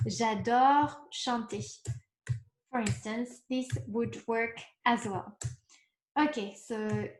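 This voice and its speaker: A woman teaching a beginners' lesson, explaining slowly step by step and checking in with the class. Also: a little high, fairly even intonation, reverberant, a little hiss or hum. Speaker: French teacher. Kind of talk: recorded online lesson.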